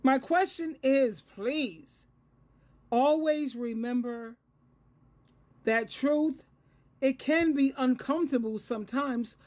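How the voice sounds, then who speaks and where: High-voiced woman in her sixties lecturing earnestly. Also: takes it slowly, pauses often, darkish tone. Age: 60s. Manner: earnest and lecturing, repeats phrases for emphasis. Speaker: advice coach and Christian counselor. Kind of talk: solo advice monologue.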